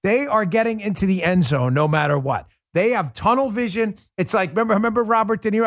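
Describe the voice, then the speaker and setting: A man hosting a political commentary show, ranting with heated scorn and dropping at times to a low, quieter mutter. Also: fast, few pauses, no room sound, clean studio sound. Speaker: host.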